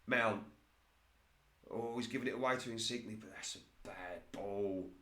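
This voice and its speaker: A lowish-voiced man speaks at a measured pace, casually giving play-by-play on the football management game he's playing. He gets excited when shots narrowly miss and laughs at his own slips. The recording has noticeable reverb.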